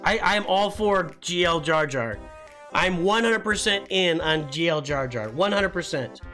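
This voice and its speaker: Animated, rambling male stream host. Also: a little high, a little slow, faint music behind. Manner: rambling, self-interrupting, restarts sentences. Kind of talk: casual live stream chat.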